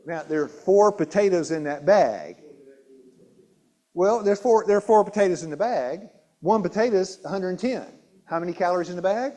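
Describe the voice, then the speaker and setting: This man's voice is high and dark, expressive, and set at a normal speed as he presents on nutrition in a church hall. Quizzing listeners, he repeats key words and often breaks off to restart sentences.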